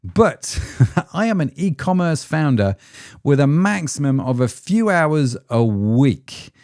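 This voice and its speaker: A man's voice: fairly high pitch, big pitch swings, takes it slowly, a little mellow, no echo, clean studio sound. A man hosting a solo podcast as an ecommerce founder, chatty and self-deprecating, with frequent rhetorical tag questions.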